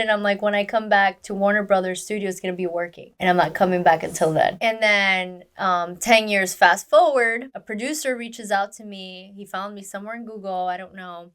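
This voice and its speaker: A woman's voice: mid-range voice, brisk, hardly any pauses, clear, resonant tone. A woman, a stunt performer, telling her story in a casual interview, acting out quoted lines with lots of fillers. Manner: animated, acts out quoted dialogue, many fillers.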